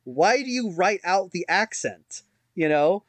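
A man's voice: high-pitched, lively intonation, a little slow, dry recording. A man co-hosting a podcast in casual chat, rambling and self-mocking with lots of fillers and restarts. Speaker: podcast co-host.

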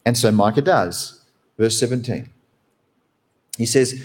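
A man who is a pastor, preaching a sermon from behind the pulpit in an animated, conversational way. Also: measured pace, long pauses. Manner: animated, conversational preaching with wide swings in pitch.

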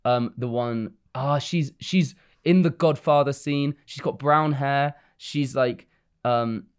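A young man talks through a film in loose, rambling casual chat, his voice sitting at an ordinary middle pitch. He laughs often and restarts his sentences as he goes. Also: slow pace, clear, resonant tone.

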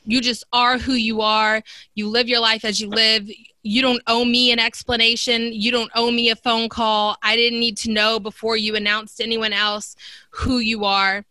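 A woman's voice: fairly high pitch, level tone, normal speed, bright, forceful tone, no echo. A woman from Texas, an educator co-hosting a podcast, chatting enthusiastically about books. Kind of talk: casual book chat.

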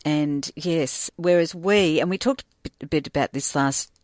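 A woman co-hosting a relaxed talk show, rambling and restarting her sentences. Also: sits low, moderate pace, no room sound, clean studio sound. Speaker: podcast co-host. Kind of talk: casual chat.

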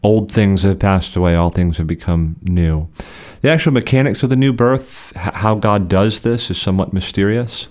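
A man co-hosting a podcast, explaining theology in a measured, conversational way with frequent restarts. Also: sits low, a little mellow.

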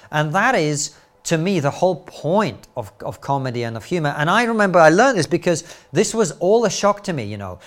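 A middle-aged man, a comedian and commentator talking as a podcast guest, an animated storyteller full of quick asides and rhetorical questions. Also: fairly high pitch. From Soviet Union, raised later in Britain. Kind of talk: podcast interview.

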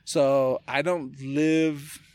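A man guest on a podcast, talking in a casual chat, telling animated stories with laughs and casual swearing. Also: a little high, extremely slow, clean tone. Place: indoors, casual setting with a beer.

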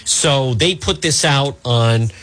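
A man hosting a talk radio show, talking in a rambling, animated way and addressing the listeners as folks. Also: medium pitch, takes it slowly.

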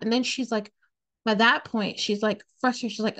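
A woman's voice: a little high, steady tone, moderate pace, fairly bright tone. A woman hosting a podcast, telling a personal story in a candid, blunt, casual way, swearing freely and leaning on "like" and "you know.". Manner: frequent "like" and "you know" fillers. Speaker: podcast host.

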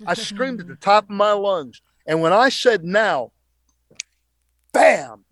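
A man's voice: high voice, lively intonation, a little slow, a bit bright. A middle-aged male preacher telling a dramatic testimony on a talk show, emphatic and repeating phrases for effect.

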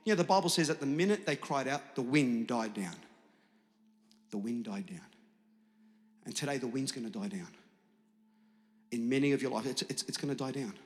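A man's voice: medium pitch, animated, moderate pace, long pauses. A man preaching to his church with great energy, often acting out the doubting listener in an exaggerated voice. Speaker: pastor. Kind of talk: sermon. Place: large church hall. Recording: long hall reverb.

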